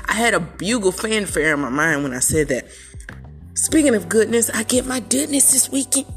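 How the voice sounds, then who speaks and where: A woman's voice: mid-range voice, normal speed, soft background music. Chatty woman hosting a home podcast. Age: middle-aged or older. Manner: chatty, animated, playful asides. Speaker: podcast host. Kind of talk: casual solo podcast chat. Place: at home in a chair.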